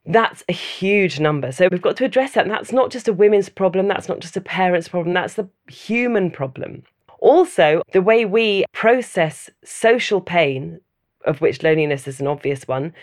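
A woman speaks in a somewhat low voice, reflective and measured. She builds her points in steady lists and gives a thoughtful personal account in an interview. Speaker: mother interviewed about loneliness.

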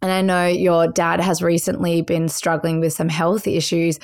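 A woman's voice: fairly low pitch, level tone, normal speed, darkish tone. A woman with an Australian accent co-hosting a podcast, talking in an effusive, enthusiastic way. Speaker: podcast co-host. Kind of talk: casual chat.

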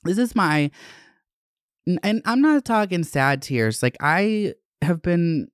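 A man in his twenties rambles through a frank personal vlog, cursing freely as he talks. His voice is smooth and clear, recorded dry and close. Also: high voice, big pitch swings, slow pace, no room sound. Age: 20s. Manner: candid, profane, rambling. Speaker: vlogger.

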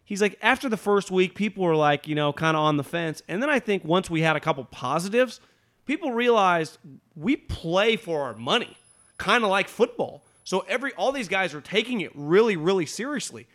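A man co-hosting a casual sports talk show, talking fast and emphatically, restarting often and swearing. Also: high voice, lively intonation, fairly bright tone.

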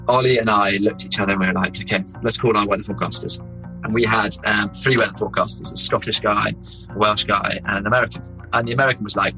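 A man from England, an explorer, telling an adventure story in a lively, anecdotal way and slipping into other people's voices. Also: on the low side, fast talker, faint music behind, low-quality recording. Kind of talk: animated storytelling interview.

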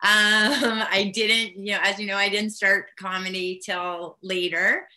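A woman in her fifties, a stand-up comedian, chatting in a relaxed, laid-back way as a guest on the line. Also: medium pitch, unhurried. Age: 50s. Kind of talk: casual interview chat. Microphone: phone line.

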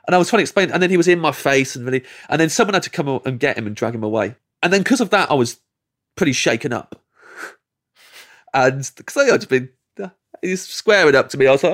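An English comedian telling a long anecdote as a podcast guest, acting out the people in it and laughing mid-sentence. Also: male voice, fairly high pitch, fast talker. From England. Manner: animated, acts out quoted voices, laughs mid-sentence. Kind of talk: storytelling anecdote.

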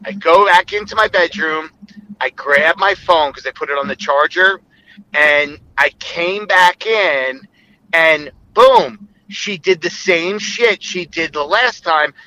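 A man's voice: fairly high pitch, slow pace, pushed and bright, rough recording. A man telling a long, explicit personal story in a rambling, casual way, often quoting others.

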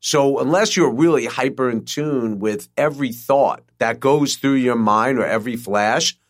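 A man's voice: mid-range voice, normal speed. A middle-aged man in casual podcast chat, laid-back, cursing and using lots of fillers.

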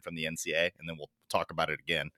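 A man's voice: extremely low pitch, flat delivery, racing, sharp tone, no echo, studio quality. A man hosting a sports podcast in casual talk, ranting sarcastically and getting worked up as he goes.

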